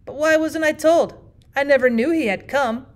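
A woman reading aloud, voicing a flustered, pompous middle-aged gentleman who stammers in indignant outbursts. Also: fairly high pitch, lively intonation, moderate pace, lightly acted. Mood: alarmed.

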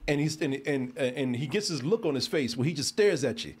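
A man co-hosting a podcast, telling a story in casual chat, animated and profane, shouting when he imitates someone. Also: medium pitch, brisk, husky.

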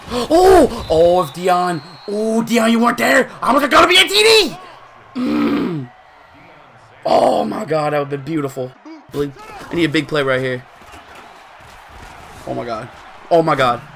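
A young man giving excited live commentary on his own football video game match, swinging between muttering to himself and loud shouting. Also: high-pitched, a little slow, pauses often. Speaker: gaming streamer.

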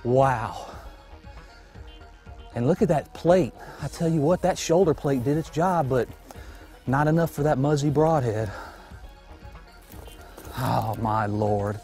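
A man's voice: a little high, unhurried, pauses often, dark tone, soft background music. A man, a bowhunter, out of breath outdoors at night, stammering and repeating himself in disbelief after a shot. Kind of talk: excited field commentary after a shot.

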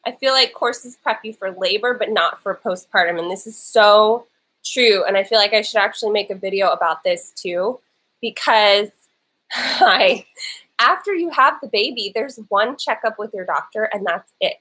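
A woman with a medium-pitched, pushed, bright and husky voice speaks at normal speed during a live Q&A, answering viewer questions while sitting on her bed. This Los Angeles vlogger has a lingering cough, chats casually into an old laptop's built-in mic, and gets interrupted by her small son; the recording is rough.

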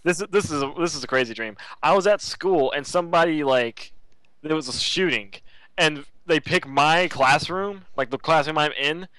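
A man's voice: on the high side, moderate pace, bright, forceful tone, no room sound, poor audio. A teenage man co-hosting a casual group podcast, telling rambling stories between laughs. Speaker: podcast co-host.

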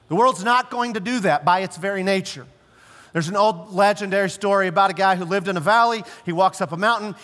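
High-voiced preacher in a reverberant hall. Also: male voice, a bit bright. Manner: storytelling, emphatic, slows and drops low for stress. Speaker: pastor. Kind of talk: sermon. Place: church sanctuary.

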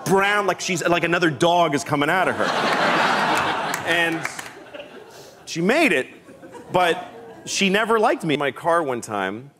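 A man as a talk-show guest, rambling through a story and acting out voices and shouts. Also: a little high, expressive, a little slow, long pauses, background noise. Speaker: comedian guest. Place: television talk-show studio. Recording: talk-show studio with loud audience laughter.

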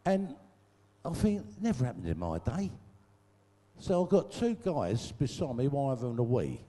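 A man's voice: medium pitch, sing-song, measured pace, dark tone. An older man telling crude, sweary comic anecdotes to a live audience on a stage microphone, laughing at his own jokes. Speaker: guest storyteller. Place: large venue, live audience show. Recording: echoey hall.

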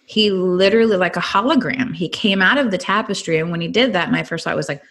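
Speaking with a lowish voice and a fast pace, this middle-aged California woman earnestly and animatedly recounts her personal testimony while guesting on a podcast interview.

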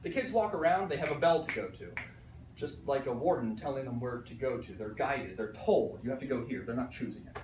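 A man from Pittsburgh, an art teacher giving an animated conference talk to fellow teachers, acting out voices and checking in with "right?" as he goes. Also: medium pitch, brisk, noisy background. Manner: animated storyteller, acts out voices, frequent "right?". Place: conference room. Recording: echoey room recorded from a distance.

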